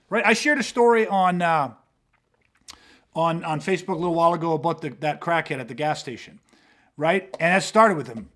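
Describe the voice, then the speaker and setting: Man, high voice, emphatic, swearing, casual podcast talk. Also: fairly quick, fairly bright tone. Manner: emphatic, swearing, acts out quoted exchanges. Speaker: self-defense podcast host. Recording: podcast mic.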